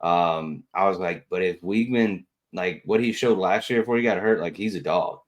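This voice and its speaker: Man, very deep voice, casual, slangy, laughing sports talk. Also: moderate pace. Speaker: podcast co-host.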